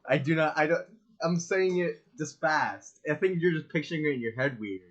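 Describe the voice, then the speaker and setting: With a lo-fi sound and a voice on the high side, this podcast co-host talks at a moderate pace. His casual chat is rambling and argumentative, punctuated by plenty of laughter.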